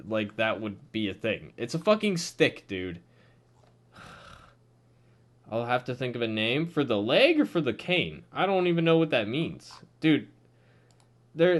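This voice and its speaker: A young man hosting a comic review channel, ranting in exasperation, swearing a lot and saying "dude" often. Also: medium pitch. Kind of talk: ranting commentary.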